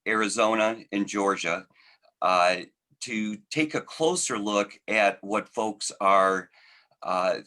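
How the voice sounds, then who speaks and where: A man on a video call introducing a webinar and its speaker, measured and filled with hesitant "uh"s. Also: lowish voice, pushed and bright. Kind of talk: formal introduction.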